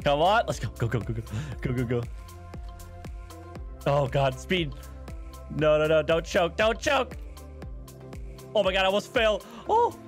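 A man's voice: fairly high pitch, expressive, measured pace, long pauses, soft background music. A young man narrating his own video game run aloud, groaning and laughing at his mistakes. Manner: play-by-play self-commentary, groaning and laughing at mistakes. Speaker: gaming co-host. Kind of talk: excited gaming banter.

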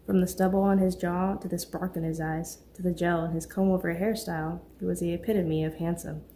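Audiobook narrator, woman, lower register, calm measured delivery. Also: slight background noise. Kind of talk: scripted narration.

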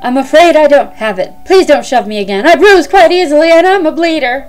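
Prissy posh male swindler, a woman puts him on, fussy and high. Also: lively intonation, a little fast, darkish tone, soft background music. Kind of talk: let's play character voicing.

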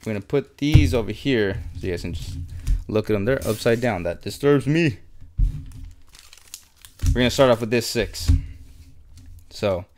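Young guy opening card packs, cusses a lot, mutters along, mid-pitched voice. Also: lively intonation, normal speed, pauses often, a little mellow. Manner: swears often, mutters while sorting cards, easily frustrated. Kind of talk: casual unboxing commentary.

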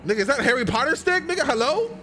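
A young man with a high, very lively voice, reacting to a video game as he plays. He is excitable and profane, and breaks into loud outbursts between bouts of joking banter. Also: fast talker, noisy background.

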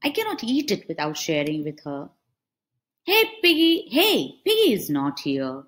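A woman voicing a young male elephant in a storybook, talking himself out of being greedy and into sharing his ice cream, with excited exclamations. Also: low voice, normal speed. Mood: torn.

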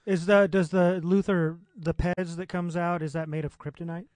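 A man's voice: sits high, little pitch movement, normal speed, a little mellow, no room sound. Laid-back man on a podcast. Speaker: podcast co-host. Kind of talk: casual chat.

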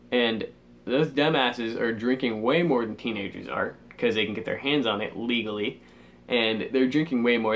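A teenage boy ranting angrily in a vlog, swearing constantly and sighing in exasperation. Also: mid-range voice. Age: teens. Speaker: vlogger.

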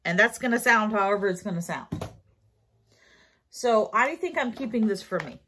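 A woman's voice: mid-range voice, lively intonation, normal speed, sharp tone, slight background noise. A tired woman with a New York accent, rambling through a casual shopping haul vlog with lots of fillers and self-corrections. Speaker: haul vlogger.

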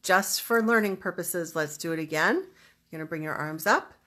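A woman spiritual teacher guiding listeners through a calm energy exercise, speaking slowly and stressing spoken declarations. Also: lowish voice. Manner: slow, soothing, emphatic declarations. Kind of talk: guided energy practice instruction. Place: home, livestreamed online event. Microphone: webcam or computer mic.

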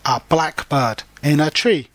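Man reading a storybook to learners: slow, patient, plain explanations, slightly high voice. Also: no room sound. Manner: slow, simple explanations for children. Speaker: storybook reader and language teacher. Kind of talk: reading a picture book aloud with explanations for learners.

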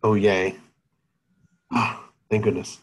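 A man with a low, husky voice teaches a university chemistry class through his computer mic on a video call. He thinks aloud as he goes, stopping often on fillers before he finds the next point. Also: flat delivery, slow, rough recording. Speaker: chemistry lecturer.

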